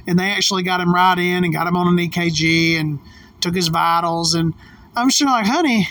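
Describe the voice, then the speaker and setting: A woman's voice: lowish voice, steady tone, brisk, a bit bright, distant mic. A woman telling a story in a casual, emphatic way, swearing often and getting worked up. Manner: profane, emphatic, heated. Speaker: vlogger.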